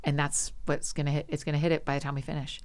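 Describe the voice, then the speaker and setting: Lively woman telling stories, lower voice. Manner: animated, energetic storyteller; frequent laughs and quick asides. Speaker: podcast guest. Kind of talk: casual conversation.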